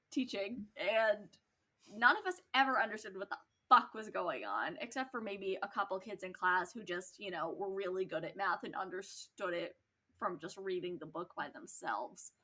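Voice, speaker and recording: A woman's voice: medium pitch, pushed and bright. A young woman co-hosting a podcast, telling a story in casual chat with lots of laughs, ums and swearing. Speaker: podcast co-host.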